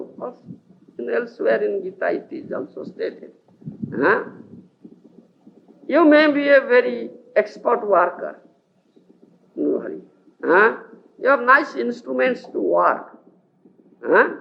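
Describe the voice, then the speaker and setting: Animated man giving a spiritual lecture. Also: extremely high pitch, slow, creaky, long pauses. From India. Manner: animated, keeps checking with listeners. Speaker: spiritual teacher. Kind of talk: scripture lecture. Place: lecture hall. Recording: dull lo-fi archival tape with faint hiss.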